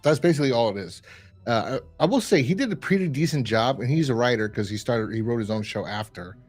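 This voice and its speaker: A man's voice: medium pitch, lively intonation, fast, soft background music. A man hosting a review podcast, chatting casually and rambling with lots of fillers. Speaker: podcast host reviewing a horror episode. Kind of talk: casual chat.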